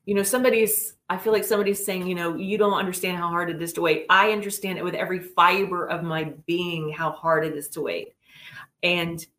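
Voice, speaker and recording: A middle-aged woman telling a personal story in an earnest, animated way as an interview guest. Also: on the low side. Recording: roomy echo.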